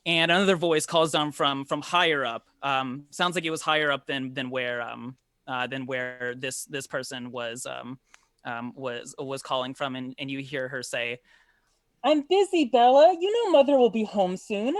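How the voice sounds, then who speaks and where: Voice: mid-range voice, little pitch movement, normal speed, sharp tone, smooth, no echo, studio quality. A game master narrating a tabletop game scene over a video call, with frequent ums and repeated words. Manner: descriptive, with many ums and repeats.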